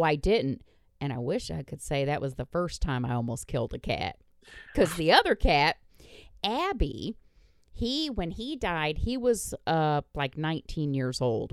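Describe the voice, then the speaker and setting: A woman podcast host tells a story in casual chat, blunt and quick to swear. Her voice sits low but swings widely in pitch. The sound is dry and close, with no room behind it. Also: clear, resonant tone, dry recording. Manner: blunt, swears freely, laughs through the story.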